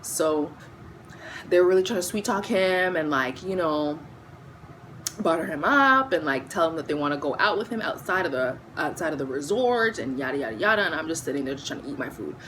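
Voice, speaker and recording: Young woman, low voice, casual storytime vlogger, faint hiss behind. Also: fairly quick, low-quality recording. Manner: chatty, animated retelling with quoted voices.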